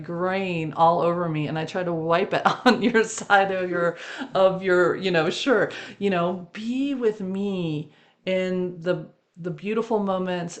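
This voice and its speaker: Woman host, low voice, laughing storyteller. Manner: storytelling, laughs often between phrases. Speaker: podcast host. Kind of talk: reflective spiritual monologue.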